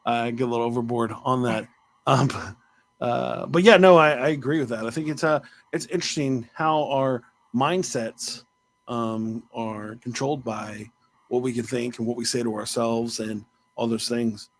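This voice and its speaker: A man's voice: mid-range voice, steady tone, normal speed. Male podcast host, playful, self-mocking, rambling, casual interview chat.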